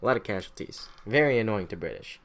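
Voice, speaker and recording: A man's voice: on the low side, animated, fast. Irreverent man swearing through history. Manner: irreverent, joking, swears freely. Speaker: history recap host. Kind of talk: casual profane history summary.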